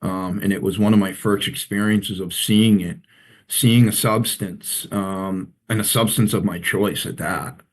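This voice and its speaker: Play an earnest, low-voiced man. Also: fairly even intonation. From Central Massachusetts. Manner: emotional, earnest, halting with many restarts. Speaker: recovery coach. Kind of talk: personal storytelling in an interview.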